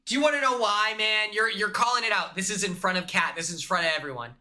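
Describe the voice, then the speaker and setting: A man voicing a brash, loyal young man who explains himself fast and heatedly on a casual live stream. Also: sits high, noisy background, close to an everyday voice. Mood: indignant.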